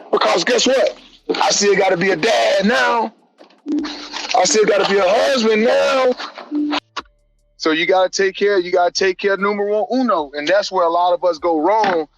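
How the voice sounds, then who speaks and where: A man, a strength coach who is a guest on a podcast, speaking passionately and emphatically, often rising almost to a shout. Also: high voice, background noise. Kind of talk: candid podcast conversation.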